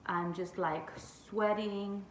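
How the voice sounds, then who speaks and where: A young woman vlogger chats through a storytime video, constantly saying "like" and "y'all." She speaks slowly in a steady, mid-range voice, recorded in an echoey room with faint ambience and a little hiss or hum.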